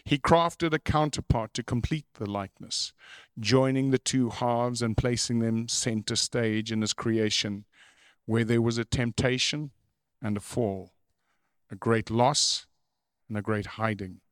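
A middle-aged male preacher delivers a sermon at a very slow, deliberate pace. He reads in a measured, steady way and then presses his points with emphatic force. His voice sits at an ordinary pitch and sounds dry and close, with no room around it. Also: smooth, no echo. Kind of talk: sermon with read-aloud opening.

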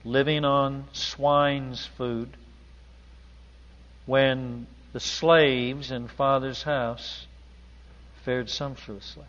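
A man preaching a sermon in an emphatic, deliberate manner in a large church hall. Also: mid-range voice, little pitch movement, fairly bright tone. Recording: dull audio with long hall reverb.

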